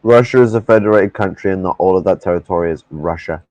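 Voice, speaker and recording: A man's voice: low-pitched, fast talker, darkish tone, dry recording, muffled recording. A man debating on a reaction stream, argumentative and often stumbling over his words. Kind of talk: casual debate.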